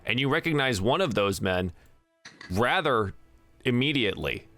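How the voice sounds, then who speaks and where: A man narrating as game master in a relaxed, chatty way with frequent fillers. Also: medium pitch, normal speed, dry recording, soft background music.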